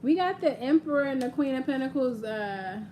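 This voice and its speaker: A woman's voice: high-pitched, expressive, normal speed, a little hiss or hum. A young woman hosting a casual live-stream tarot reading, chatty and playful, speaking directly to her viewers. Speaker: tarot reader. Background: quiet ambient audio playing.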